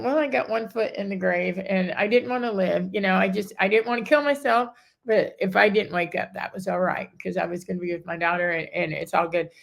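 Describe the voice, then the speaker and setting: Middle-aged woman, gravelly creak, chatty guest who restarts her sentences a lot. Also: mid-range voice. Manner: rambling, self-interrupting, acts out others' words. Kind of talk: emotional personal story in a casual chat.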